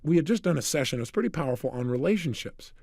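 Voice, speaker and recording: A man giving a motivational talk, telling energetic stories and acting out the dialogue. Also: on the high side, racing, vocal fry, husky, dry recording. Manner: energetic, storytelling, acts out dialogue. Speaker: motivational speaker.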